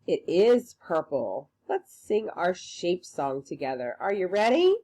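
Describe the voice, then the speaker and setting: Woman, preschool teacher, sing-song, animated pitch, unhurried, coaxing little listeners. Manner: sing-song, encouraging, talks to kids. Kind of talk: online circle time for young children.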